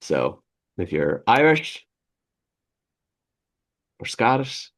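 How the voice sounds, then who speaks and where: A low-voiced man with a gravelly edge co-hosts a relaxed podcast. He reads passages aloud and keeps wandering off into chatty asides, laughing as he goes. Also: a little slow. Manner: rambling, digressive, laughs often. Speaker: podcast co-host. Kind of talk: casual chat reading from a history book.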